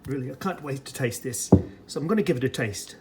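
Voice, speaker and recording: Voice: medium pitch, lively intonation, fast, heavy background noise. An American reviewer in a put-on British accent, giving a chatty running commentary while preparing and tasting ration food in a casual food vlog. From United States.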